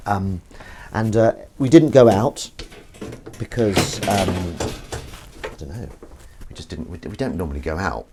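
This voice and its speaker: A man's voice: deep voice, measured pace, pauses often, background noise. A man hosting a casual livestream from his home kitchen, chatting and reading out comments while washing up. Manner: rambling, self-deprecating, reads out chat comments. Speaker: livestream host. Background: clinking dishes and cutlery.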